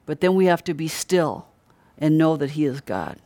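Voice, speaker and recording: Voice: mid-range voice, big pitch swings, moderate pace, warm tone, dry recording. A middle-aged preacher giving an earnest, conversational sermon and stressing key words by repeating them. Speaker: Christian preacher.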